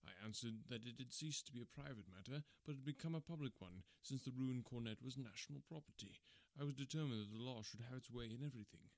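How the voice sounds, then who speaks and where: A man reading a classic detective story aloud in a measured, formal storytelling manner. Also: medium pitch, darkish tone, no echo. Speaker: audiobook narrator.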